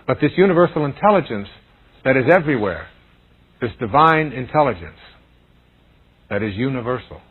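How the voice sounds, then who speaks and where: A man's voice: medium pitch, husky. A man giving an earnest inspirational lecture, building on repeated phrases. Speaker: spiritual lecturer. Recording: tinny phone-like lo-fi recording with faint music.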